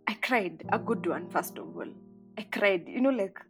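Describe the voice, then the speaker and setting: A woman's voice: mid-range voice, big pitch swings, moderate pace, rough recording. A woman in her thirties, a podcast guest, reflecting conversationally on her life with many fillers. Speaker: interview guest. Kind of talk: candid personal storytelling. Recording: guitar music underneath.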